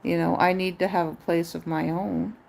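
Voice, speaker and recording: A woman's voice: lowish voice, level tone, normal speed, vocal fry, a little mellow, a little hiss or hum. A woman live streamer chatting in a rambling, musing way, drifting into wordplay.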